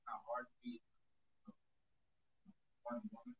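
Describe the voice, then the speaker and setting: A man's voice: medium pitch, sing-song, slow, gravelly. A man chatting casually on a podcast, blunt and candid about his views. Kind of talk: casual chat. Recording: lo-fi audio.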